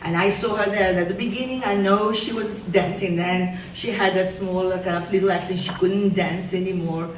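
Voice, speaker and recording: A woman teacher giving an award speech at a school ceremony, telling a story with halting restarts. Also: fairly low pitch, steady tone. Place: school hall. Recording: echoey room, distant from mic, faint noise.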